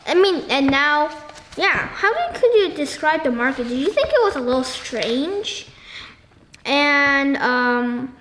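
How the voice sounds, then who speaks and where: A woman hosting a casual book discussion. She talks haltingly, with many ums and restarts, and keeps asking the listener questions. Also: high-pitched, sing-song, fairly bright tone. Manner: asks the listener frequent questions. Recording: echoey room with faint noise.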